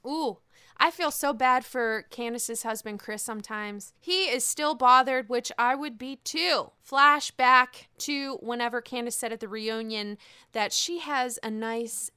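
A woman chatting through a gossipy recap with a bright, crisp voice pitched a little high. She laughs often and swears freely. The sound is close and dry. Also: measured pace, no room sound. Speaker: reality TV recap vlogger. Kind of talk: casual commentary.

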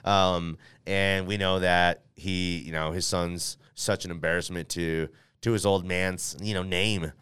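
A man hosts a casual sports podcast, rambling and correcting himself with plenty of fillers. His voice sits fairly low and comes through very smooth and clean. The sound is dry and close, with no room around it. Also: fairly even intonation, a little slow, hardly any pauses, a bit bright, no echo. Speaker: podcast host. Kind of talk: casual podcast talk with ad read.

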